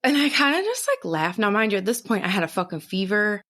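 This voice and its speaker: Woman, young adult, podcast co-host, casual storytelling, lively, swears freely. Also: medium pitch, fast talker. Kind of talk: casual chat.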